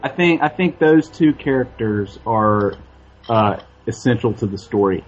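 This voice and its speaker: A man's voice: medium pitch, a little slow, highs cut off, faint music behind. A man arguing animatedly in a casual movie discussion. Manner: animated, argumentative.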